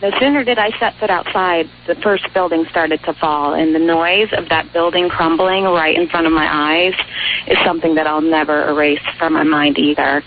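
A woman's voice: low voice, fairly even intonation, moderate pace. A woman guest on a talk radio show, earnestly recounting a personal experience. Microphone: telephone. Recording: tinny phone line with faint hiss.

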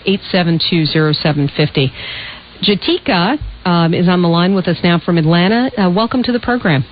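A woman hosting a live talk radio show, interviewing guests and taking calls. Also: fairly low pitch. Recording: dull broadcast audio with faint hiss.

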